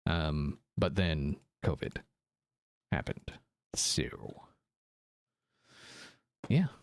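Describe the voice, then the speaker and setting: A man's voice: extremely low pitch, animated, very slow, dry recording. A young man streaming a game, chatting casually with viewers in a slightly sick voice with a lingering cough, rambling with ums and laughs. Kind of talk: casual livestream chat answering viewers.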